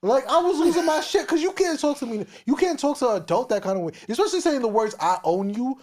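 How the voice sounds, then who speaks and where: Animated man telling a swearing story. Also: very high-pitched, fast talker. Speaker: podcast co-host. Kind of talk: casual podcast chat.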